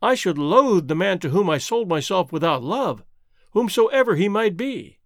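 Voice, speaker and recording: A man's voice: high-pitched, very animated, normal speed, no room sound, clean studio sound. A man voicing a proud, torn young woman in an audiobook, speaking earnestly. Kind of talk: audiobook character reading.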